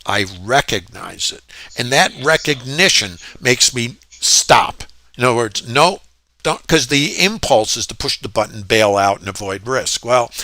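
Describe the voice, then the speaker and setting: A man's voice: mid-range voice, pushed and bright, dry recording. A man teaching trading while he walks through his own trades, reflective and full of fillers and restarts as he stresses his points. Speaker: trading educator. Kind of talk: screen-share trading walkthrough.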